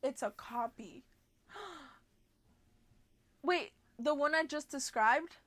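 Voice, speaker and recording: A woman's voice: high-pitched, animated, extremely slow, a bit bright, dry recording. A young woman livestreamer chatting casually with her viewers, bubbly and giggly, often gasping and restarting her sentences.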